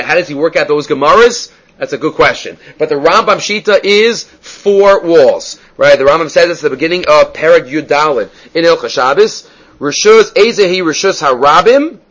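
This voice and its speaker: A man's voice: a little high, a bit bright. A man giving a Talmud class, reading Hebrew and Aramaic phrases and explaining them step by step. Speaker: Talmud teacher.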